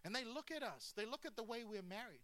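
A man preaching a lively sermon with humor and asides. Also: very high voice, fast. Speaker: pastor.

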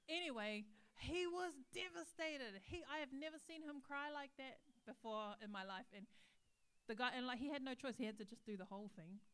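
A woman preaches with a smooth, clear, somewhat high voice. She tells a personal story full of humor and acts out the people in it. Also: a bit bright.

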